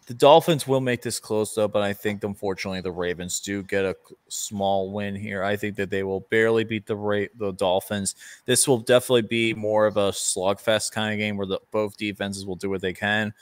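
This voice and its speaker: Low-voiced dude co-hosting a football podcast, careful and hedgy, dry close sound. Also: male voice, steady tone, brisk, hardly any pauses, no echo. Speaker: podcast co-host. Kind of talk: casual sports picks chat.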